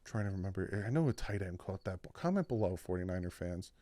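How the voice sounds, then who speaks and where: A man giving his weekly football picks in a casual, animated talk, jumping up in pitch and volume when something surprises him. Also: quick pace, dry recording. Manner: animated, with sudden jumps in pitch and loudness. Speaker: sports picks YouTuber. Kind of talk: casual sports prediction talk.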